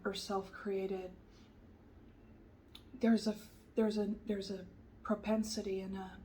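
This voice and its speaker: A woman giving a soft-spoken tarot reading, gentle and reassuring, often sliding into a whisper and pausing with fillers. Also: mid-range voice, slight background noise, low-quality recording. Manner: hesitant, many fillers and restarts. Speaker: tarot reader.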